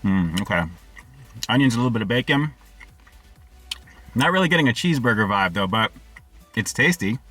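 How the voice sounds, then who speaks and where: A man reviewing fast food for his channel, upbeat and slangy, talking straight to his viewers. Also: medium pitch, expressive, bright, forceful tone, soft background music. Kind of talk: casual food review vlog.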